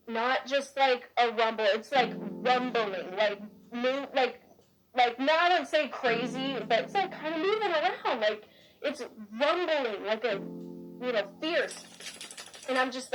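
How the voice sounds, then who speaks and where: A woman's voice: fairly high pitch, measured pace, soft background music, poor audio. A young woman earnestly telling a personal story in casual chat, filling her speech with "like".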